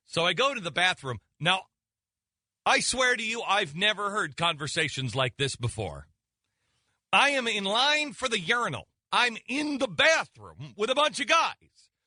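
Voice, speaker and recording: Bright and forceful, this high-voiced man in his forties hosts radio talk and recounts a comic story sarcastically, wandering off track and restarting repeatedly. A close studio mic captures him with no room sound.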